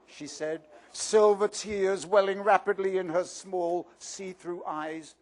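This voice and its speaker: A man narrating a children's novel aloud at a bookstore release party with expressive storyteller delivery. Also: sits high, takes it slowly, few pauses. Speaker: audiobook narrator. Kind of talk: live reading of a children's novel.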